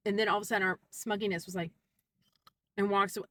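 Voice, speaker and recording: Woman doing a storytime vlog, bright voice, a bit far from the mic, faint hiss behind. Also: medium pitch, fast, pauses often. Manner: animated, quotes people in put-on voices. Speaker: vlogger. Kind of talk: casual storytime.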